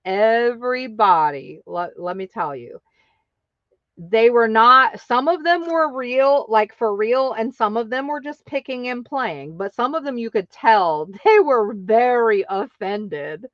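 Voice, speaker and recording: A woman's voice: fairly high pitch, lively intonation, slow, no echo, lo-fi sound. A woman hosting her craft channel, telling a story casually and acting out other people's lines in exaggerated voices.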